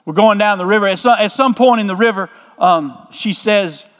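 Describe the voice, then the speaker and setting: A man's voice: sits high, normal speed, a bit bright, long reverb tail. A man, a pastor telling a story in a folksy, joking sermon.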